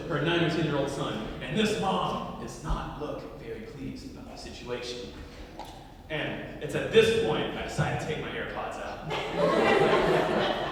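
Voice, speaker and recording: A man from Louisiana hosting a comedy show, telling a crude story in a lively stand-up manner. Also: a little high, slight background noise. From Louisiana, US South. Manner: lively, crude, swings from quiet to loud. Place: comedy club. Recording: echoey club, mic far off.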